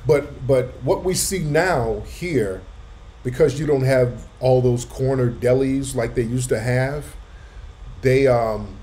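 Man, casual live chat, animated storyteller, swinging pitch, profane slang. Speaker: host.

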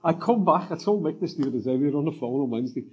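Man, husky and dark voice, telling stories on stage, dull recording. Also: on the high side, lively intonation, very fast. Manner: candid anecdotal storytelling. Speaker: guest, TV writer. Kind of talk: live on-stage interview. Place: convention centre stage before an audience.

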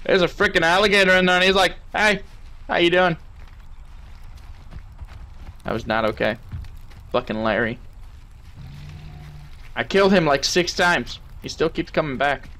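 A man's voice: a little high, lively intonation, moderate pace, pauses often, bright, forceful tone, a little hiss or hum. A young man playing a game and commenting with crude, joking banter, talking to the characters on screen. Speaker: gaming channel host.

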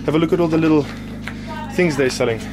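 A man's voice: fairly high pitch, quick pace, music in the background. A man vlogging casually outdoors while hiking a volcano path, chatting to viewers and sounding tired from walking. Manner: chatty, talks to viewers and companion. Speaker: travel vlogger. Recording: loud outdoor noise.

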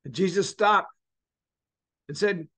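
High-pitched guy teaching bible study at church, earnest, stretches and repeats words for emphasis. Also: slow, pushed and bright.

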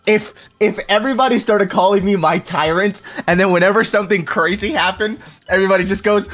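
A young man streaming, telling stories in a loose, laughing chat and breaking into high squealed impressions of friends. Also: fairly quick, fairly bright tone, soft background music. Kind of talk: casual chat to a stream audience.

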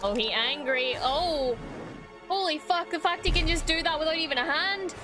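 High-voiced woman blurting swears. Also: moderate pace, over music. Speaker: streamer reacting to a show. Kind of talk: casual reaction commentary. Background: show soundtrack playing.

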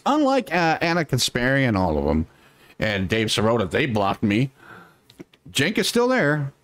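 A man talks through a casual political live stream, drifting between muttered asides and sarcastic jabs with a fair amount of swearing. His voice sits at an ordinary middle pitch. The sound is dry and close, with no room around it. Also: dry recording. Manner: rambling, sarcastic, mutters while working the computer, swears.

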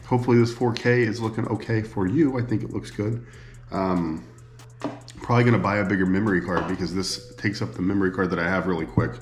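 Midwestern guy rambling self-mocking into his vlog cam, kinda low voice, faint music under it. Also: reverberant. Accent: Midwestern American. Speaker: vlogger. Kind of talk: casual vlog.

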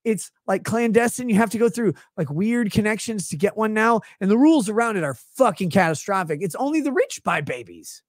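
A livestream commentator delivers a long, sarcastic rant, full of exasperated swearing. The voice sits at a middling pitch. The sound is dry, with no room echo. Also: animated, a little fast, few pauses. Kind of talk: profane comedic rant.

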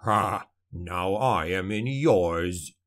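A man voicing a gruff, violent male dwarf warrior in an audiobook, growling his words. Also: a bit bright, heavily acted. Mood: growling menace. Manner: growling, slow and low.

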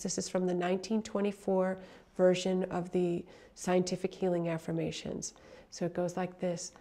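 Middle-aged woman, prayer leader, soft earnest voice, talks you through a spiritual affirmation. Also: mid-range voice. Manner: gentle, earnest, slows for recited affirmations. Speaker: prayer ministry director.

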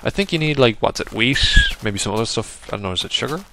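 A man giving rambling, casual let's-play commentary over a game, now and then yelping loudly at what happens. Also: medium pitch, expressive, quick pace, creaky, background noise. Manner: chatty, rambling, bursts into loud yelps at the game. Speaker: gaming video host.

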